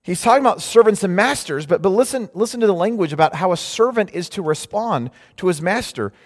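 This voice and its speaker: A man preaching a sermon in an animated, conversational way, sometimes mocking the voices of others. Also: sits high, fairly quick. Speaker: pastor. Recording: long hall reverb.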